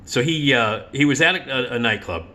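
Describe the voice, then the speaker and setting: Bright-voiced man telling stories. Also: mid-range voice, moderate pace. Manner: animated, profane, laughs while telling stories. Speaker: radio host. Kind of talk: casual storytelling monologue.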